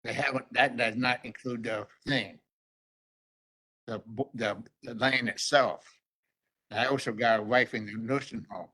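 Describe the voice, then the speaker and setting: An older man gives a rambling, halting public comment at a county board meeting. His voice is bright and sits mid-range. He restarts his sentences often. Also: mid-range voice, fairly even intonation, breathy edge, low-quality recording.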